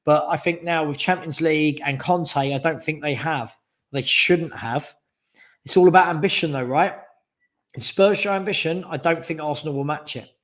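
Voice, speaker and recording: A man's voice: a little high, normal speed, a bit bright. A man hosting a live fan stream, chatting casually and giving strong opinions while reading out viewer questions. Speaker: fan channel host.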